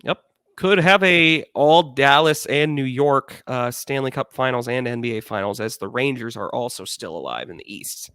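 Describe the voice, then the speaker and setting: Bright-voiced young man talking sports. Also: medium pitch, moderate pace, clean tone, no echo. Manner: chatty, opinionated, full of fillers. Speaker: podcast co-host. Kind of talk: casual sports chat.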